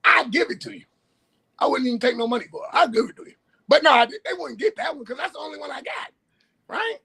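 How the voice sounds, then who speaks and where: A man co-hosting a casual sports talk livestream, telling stories with laughter and loud bursts. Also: very high-pitched, animated, fast talker, creaky. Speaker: co-host. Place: livestream call.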